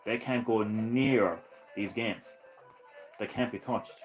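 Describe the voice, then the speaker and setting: A man streaming retro games live, ranting and swearing with bursts of excitement and laughter. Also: lowish voice, takes it slowly, faint music behind, rough recording. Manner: ranting, profane, excitable, laughs at own jokes. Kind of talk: casual live-stream chat.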